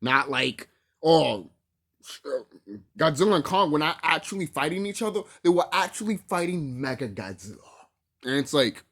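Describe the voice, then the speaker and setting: A YouTube movie commentator rants casually to the camera in a somewhat bright, high-ish voice, animated and at a moderate pace. He swears freely, laughs a lot, and repeats himself for emphasis.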